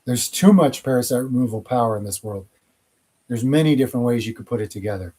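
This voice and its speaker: A man's voice: medium pitch, fast talker, warm tone, slightly rough. A man hosting his channel, answering viewer questions in a casual, rambling monologue with blunt opinions.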